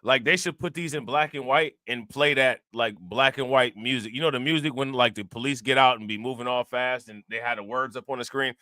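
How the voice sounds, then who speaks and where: This man talks casually over news clips with a bright, forceful tone, close to a dry mic. He keeps putting questions straight to his audience. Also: medium pitch, a little fast, few pauses, no room sound. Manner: fires rhetorical questions at viewers. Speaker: reaction channel host. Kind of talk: casual commentary.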